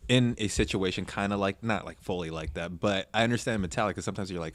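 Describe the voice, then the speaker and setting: A man with a very low voice chatting on a podcast. He talks in an easygoing, unhurried way, with quiet reactions. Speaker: podcast co-host. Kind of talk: casual podcast chat.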